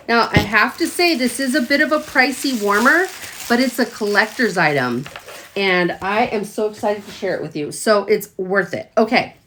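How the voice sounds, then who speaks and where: A woman, a product consultant, talking through an excited unboxing vlog, gushing and exclaiming as she opens the box. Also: mid-range voice, moderate pace, a little hiss or hum. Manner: gushing, bubbly, exclaims often.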